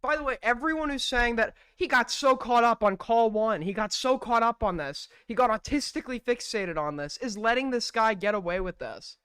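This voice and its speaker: Bright, forceful man arguing on stream. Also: very high-pitched, normal speed, few pauses, clean tone, dry recording, studio quality. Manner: blunt, argumentative, swears freely. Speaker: streamer host. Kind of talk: heated live-stream commentary.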